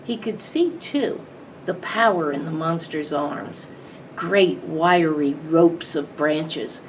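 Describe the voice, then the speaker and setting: A woman librarian reading a children's book aloud in an expressive, measured way. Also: sits low. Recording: distant mic, faint background hiss.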